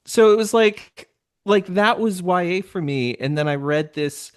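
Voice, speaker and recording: Higher-voiced man gushing about a book. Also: measured pace, clean tone. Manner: gushing and animated, lots of "like". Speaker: podcast host, panel guest. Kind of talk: casual panel chat. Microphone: video call mic.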